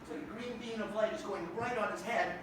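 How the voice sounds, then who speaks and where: Animated man telling a comic story on stage. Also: sits high, fast talker. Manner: animated, jokey, acts out his own reactions. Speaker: comedian performing a one-man show. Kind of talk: stand-up storytelling. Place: theater stage. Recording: echoey theater, distant mic, audience noise.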